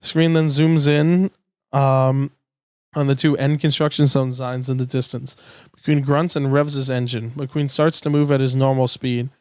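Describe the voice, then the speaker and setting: A man's voice: mid-range voice, darkish tone, smooth, no room sound, studio quality. A man reading a transcript aloud in a plain way, stumbling now and then and sometimes swearing. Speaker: youtuber.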